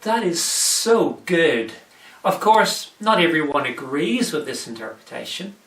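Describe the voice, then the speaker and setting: Lively, bright-voiced man in an echoey room. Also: on the high side, measured pace, recorded from a distance. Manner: plays both joke-teller and weary skeptic. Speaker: church presenter. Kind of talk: comic church devotional video.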